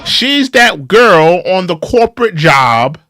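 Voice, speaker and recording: A man's voice: high voice, big pitch swings, slow pace, pushed and bright. A man hosting an opinion show, giving critical commentary on clips and repeating his phrases for emphasis.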